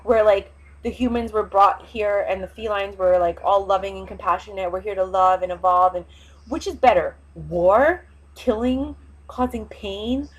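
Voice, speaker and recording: A woman's voice: mid-range voice, normal speed, husky, rough recording. A woman vlogger, talking in an impassioned, rambling casual monologue with emphatic, fiery opinions.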